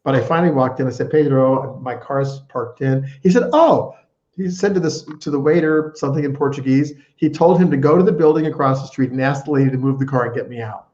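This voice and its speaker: A man's voice: medium pitch, fairly quick, a little mellow, dull audio. Stammering man on a roomy video call. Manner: stammering, self-deprecating, repeats words. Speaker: guest. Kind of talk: casual storytelling on a video call.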